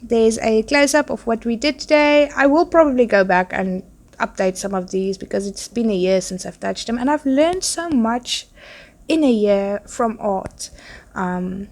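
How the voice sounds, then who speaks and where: A woman's voice: fairly high pitch, measured pace. A woman who is sick with a nasal, congested voice, chatting casually and rambling with many fillers as a podcast host while she paints.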